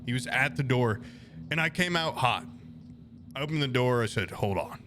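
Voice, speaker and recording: A man's voice: medium pitch, normal speed, noisy background. A young man streaming, telling a rambling, profane anecdote to his chat and acting out the people in it. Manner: animated, profane, rambling anecdote with quoted voices. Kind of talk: casual storytelling to chat.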